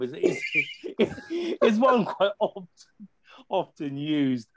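A man, a family worker, explaining parenting advice in a measured way with hesitations. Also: a little high, very animated, a crowd in the background. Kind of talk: casual panel chat, advice.

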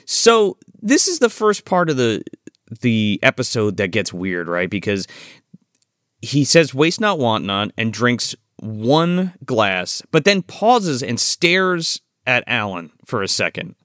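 A man's voice: medium pitch, takes it slowly, no echo, clean studio sound. A man co-hosting a movie podcast, recapping an episode in casual chat with swearing and laughter. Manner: animated, swearing, laughing recap with quoted voices. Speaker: podcast co-host.

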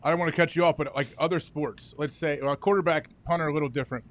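This is a co-host on a sports talk show, a man whose voice sits a touch high. He was a football player, and he talks in an easygoing, plainspoken way. He laughs along often. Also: fast talker. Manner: easygoing, laughs along, gives steady opinions.

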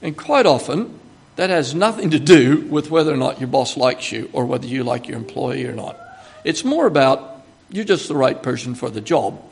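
A man's voice: mid-range voice, lively intonation, normal speed, gravelly, husky. An older man with an Australian accent, preaching a sermon in a chatty, joking way, with emphatic bursts when he quotes God. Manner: conversational, chatty teaching with asides and humor.

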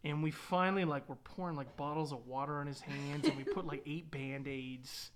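Man, tour guide, relaxed storyteller who laughs a lot, slightly high voice. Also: moderate pace, very noisy. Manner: laughs often, relaxed, lots of restarts and quoted dialogue. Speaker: tour guide and van driver. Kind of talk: casual anecdote telling.

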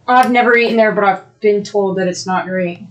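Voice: medium pitch, fairly even intonation, brisk, background noise. A young adult co-host of a podcast, chatting casually with friends while scrubbing a stain out of the carpet. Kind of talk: casual chat.

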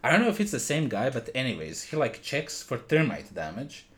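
A man's voice: medium pitch, big pitch swings, a little fast, a bit bright. A man hosting a comedy podcast, telling an improvised story in a playful, profane way and laughing often.

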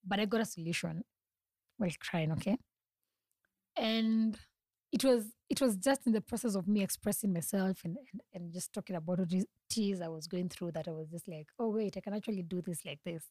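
Young woman, solo podcast host, confiding, middle pitch, dry close sound. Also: moderate pace, mellow, no echo. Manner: earnest and confiding, frequent laughs and restarts. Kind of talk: reflective solo podcast talk.

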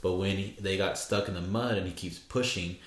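A man's voice: deep voice, fairly even intonation, brisk, roomy sound, a crowd in the background. A man in casual chat, rambling as he retells film scenes. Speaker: co-host discussing a film.

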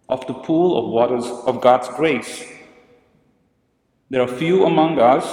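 A man's voice: medium pitch, a little mellow, reverberant, in a large hall, poor audio. A man preaching a sermon as a priest, telling stories and posing questions to the congregation in a church.

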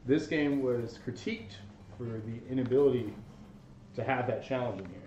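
A man in a casual gaming chat, talking through a game in a relaxed way full of ums and likes. The sound is roomy and his voice sits some distance from the mic, over faint ambience. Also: medium pitch, normal speed, dull audio, a little hiss or hum. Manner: relaxed, filler-heavy explaining. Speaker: podcast co-host reviewing a game.

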